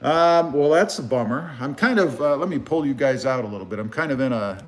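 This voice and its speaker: A man from South Texas hosting a casual car livestream on a phone, reading viewer comments in a relaxed, rambling way. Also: medium pitch, fairly quick. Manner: relaxed, rambling with many fillers. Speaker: car channel host. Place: live stream over phone.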